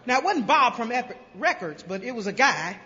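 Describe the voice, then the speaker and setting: A woman from South Carolina telling her recovery story to a crowd, a lively storyteller who acts out voices with humor. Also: a little high, brisk, background noise. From Greenville, South Carolina. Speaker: recovery speaker. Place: large convention hall. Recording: dull lo-fi convention hall recording with long reverb.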